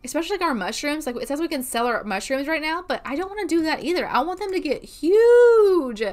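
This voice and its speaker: Bubbly high-voiced woman gaming host. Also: animated, brisk. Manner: bubbly, gushing exclamations. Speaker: let's play host. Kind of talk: casual gameplay commentary.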